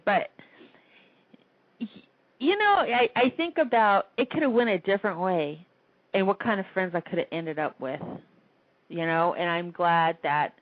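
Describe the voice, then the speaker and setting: A woman's voice: fairly low pitch, no echo. Woman, internet radio host, casual call-in chat, rambling, laughs a lot, dry phone-line sound. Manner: chatty, rambling, laughs often.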